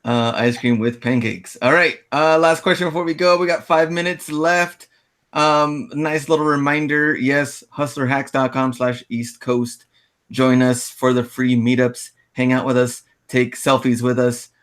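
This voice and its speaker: A man co-hosting a casual online-selling chat, relaxed and laughing often. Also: medium pitch. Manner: laid-back, laughs often, quick asides. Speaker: podcast co-host.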